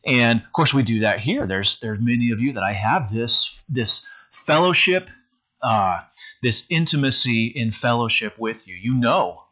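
A middle-aged pastor with a medium-pitched voice preaches a conversational sermon to his congregation in a bright, forceful tone. His intonation is lively and his pace unhurried, though he often stumbles and repeats words along the way.

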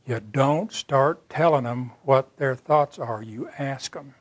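A man's voice: medium pitch, slow pace, no room sound. A man giving an earnest, plainspoken sermon as a personal story, acting out the dialogue of the people in it. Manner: plainspoken and folksy. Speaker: church speaker.

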